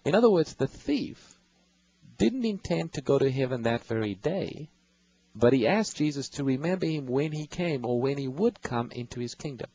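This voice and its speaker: A man's voice: mid-range voice, animated, moderate pace, mellow, low-quality recording. A man hosting a radio Bible call-in show, patiently explaining scripture and reading verses to callers.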